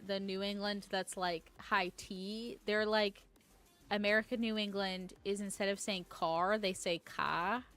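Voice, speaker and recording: Chatty new york gal streaming a game, says like a lot, bright voice, takes her time. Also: medium pitch. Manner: chatty, rambling, filler "like". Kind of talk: casual chat while gaming live.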